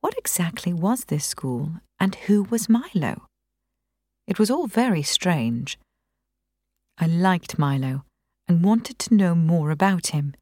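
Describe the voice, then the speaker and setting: Slow, calm woman reading a novel. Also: lowish voice, dry recording. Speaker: narrator. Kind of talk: audiobook reading.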